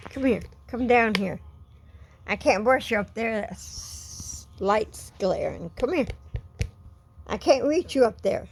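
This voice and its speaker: A woman's voice: on the high side, expressive, takes it slowly, vocal fry, slightly rough. A woman at home, filming on her phone as she brushes her cats and talks to them in cooing baby talk. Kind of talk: casual pet talk. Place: at home indoors.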